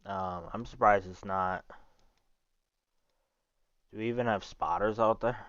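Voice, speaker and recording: A man's voice: on the low side, steady tone, unhurried, fairly bright tone, dry recording, lo-fi sound. A man on a live weather stream, thinking aloud in a casual way as he studies radar.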